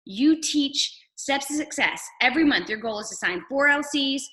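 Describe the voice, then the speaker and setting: A woman leading a motivational team call over video, energetic and rallying, firing off rhetorical questions. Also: high-pitched, normal speed. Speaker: network marketing leader.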